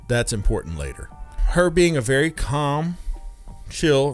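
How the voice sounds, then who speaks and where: A man's voice: mid-range voice, no echo, clean studio sound. A man telling a comic anecdote in a chatty way, with wry, mock-outraged asides and constant "right?" check-ins. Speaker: comedic storyteller. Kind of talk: casual comedic anecdote.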